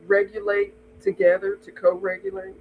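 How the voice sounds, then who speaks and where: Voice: medium pitch, little pitch movement, moderate pace, phone-quality sound, a little hiss or hum. Podcast host prompting a guest. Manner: prompting, asks guest questions. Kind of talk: podcast conversation.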